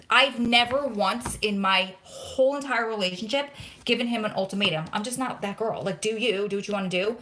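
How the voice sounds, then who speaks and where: Hosting a relaxed live question-and-answer vlog, this New Jersey woman in her thirties animatedly recounts stories with lots of quoted dialogue, on the verge of tears. She speaks a little fast, with a voice on the high side.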